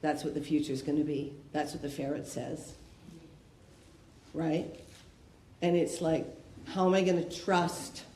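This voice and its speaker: A woman's voice: sits low, fairly even intonation, measured pace, pauses often, warm tone. A woman speaking candidly at a recovery meeting, asking rhetorical questions in a conversational way. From Canada. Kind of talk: personal share at a recovery talk. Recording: echoey room with faint noise.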